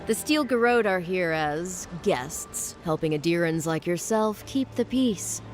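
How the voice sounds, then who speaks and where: A woman's voice: lowish voice, expressive, a little slow, faint music behind. An actress playing a harried female guard captain in a game, weary and apologetic.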